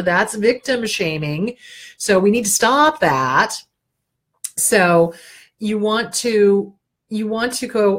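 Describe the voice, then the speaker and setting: Brief: middle-aged woman, therapist host, husky voice, blunt and animated, plays out inner voices. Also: medium pitch. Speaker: therapist host answering viewer questions. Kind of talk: casual advice talk.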